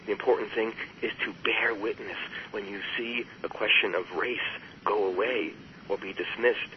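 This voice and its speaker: Low-voiced man explaining emphatically. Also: steady tone, normal speed, lo-fi sound, a little hiss or hum. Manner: emphatic, rises sharply on quoted voices. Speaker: therapist and guest. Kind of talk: earnest explanatory interview talk.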